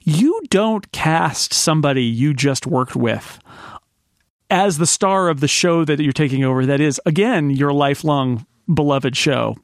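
A man's voice: fairly high pitch, unhurried, no room sound, studio quality. A man hosting a podcast, talking enthusiastically in casual chat with frequent fillers. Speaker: podcast host.

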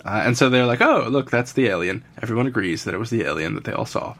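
A man's voice: mid-range voice, animated, quick pace, fairly bright tone. A man casually recapping a TV episode, rambling and laughing often. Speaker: podcast co-host recapping an episode. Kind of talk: casual chat.

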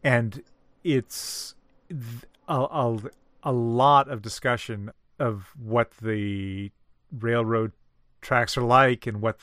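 A man talks through a story at an unhurried, deliberate pace, often pausing mid-thought to find the right word. His voice is smooth and resonant. The recording is close and dry. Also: mid-range voice, a bit bright, dry recording. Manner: measured, explanatory, pauses to find words. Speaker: discussion co-host. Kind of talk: casual literary discussion.

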